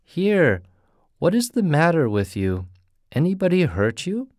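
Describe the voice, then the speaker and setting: A man voicing a rough, unsympathetic faceless ghost disguised as a street peddler. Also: a little high, very animated, unhurried, darkish tone, no echo, clean studio sound, pitched above the performer's own voice. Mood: gruff. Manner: gruff and curt.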